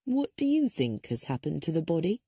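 A woman voicing a male police sergeant who talks in an even, official and reassuring way. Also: sits low, a little fast, breathy edge, no echo, clean studio sound, heavily acted. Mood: measured.

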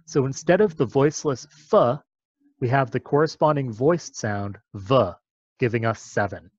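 A man's voice: mid-range voice, expressive, brisk, no echo, dull audio. A man explaining a topic step by step in a patient, methodical lecture.

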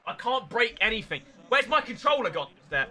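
A man's voice: very high voice, very animated, normal speed, pushed and bright. A man, commentating his own game on a live stream in an exasperated, ranting way.

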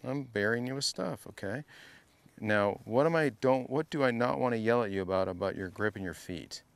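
A man's voice: medium pitch, moderate pace, gravelly, dry recording. A man coaching a student through a golf lesson, playful and teasing, repeating short drill cues over and over. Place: golf academy practice area.

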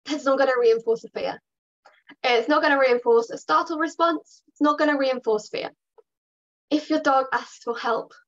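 A woman's voice: fairly high pitch, fairly bright tone, dull audio. A woman dog trainer giving an online workshop talk, chatty and reassuring, with plenty of fillers. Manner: chatty and reassuring, with fillers and upbeat put-on bits.

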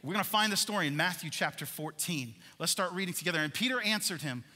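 A man preaches to his congregation in a lively, animated way, often turning questions back to the listeners. His voice sits a bit high for a man and rings bright and forceful. The sound carries the long reverb of a large church hall. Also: fast talker. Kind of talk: sermon. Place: large church worship center.

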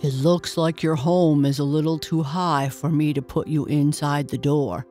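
A woman's voice: low voice, fairly even intonation, moderate pace, dark tone, soft background music, natural voice. A woman doing a big friendly storybook dog. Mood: kindly.

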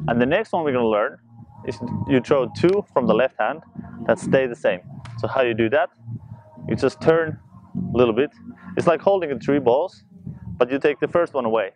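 Man explaining juggling, quick and chatty. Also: mid-range voice, highs cut off, a little hiss or hum. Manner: talks fast while demonstrating, loose and chatty. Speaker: juggling instructor. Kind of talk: casual spoken tutorial.

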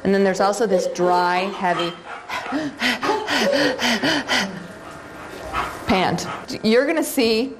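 A woman's voice: medium pitch, normal speed, few pauses, very noisy. A woman teaching a live seminar, talking conversationally to the audience with frequent fillers and questions. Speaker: seminar instructor on dog behavior.

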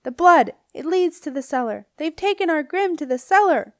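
A woman reading an audiobook, voicing an alarmed witch who shouts to her coven. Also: high-pitched, animated, moderate pace, no room sound, studio quality, voice pushed up.

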